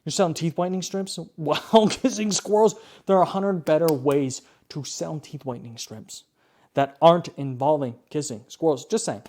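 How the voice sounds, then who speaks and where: A man's voice: a little high, normal speed, darkish tone. A man hosting a video, ranting about bad ads with lots of swearing and repeated "okay?"s. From Canada. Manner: profane, exasperated, keeps asking "okay?". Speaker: video host reviewing ads. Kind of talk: ranting reaction commentary.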